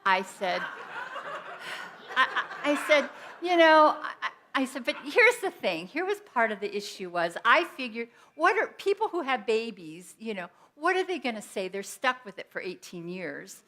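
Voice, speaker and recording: A middle-aged woman minister giving a sermon, telling personal stories in an animated way with quoted asides. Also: fairly high pitch, normal speed.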